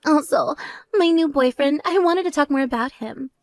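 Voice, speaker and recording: A woman voicing a spoiled, vain young woman who talks in a mocking, shrill and demanding way. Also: moderate pace, darkish tone, no room sound. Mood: boastful.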